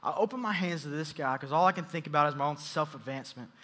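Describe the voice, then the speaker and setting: A man preaching a sermon, telling a story in an animated, playful way with soft asides. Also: a little high, fast talker. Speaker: youth pastor.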